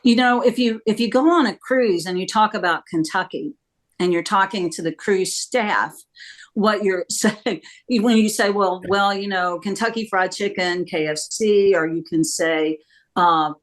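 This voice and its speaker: A woman pastor on a panel telling a relaxed story. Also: mid-range voice, unhurried. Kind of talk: panel discussion.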